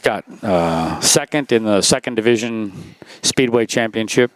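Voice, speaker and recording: A man's voice: on the low side, lively intonation, unhurried, dry recording. A man in his sixties, a former racer telling stories in a casual interview, rambling with lots of "you know" and restarts.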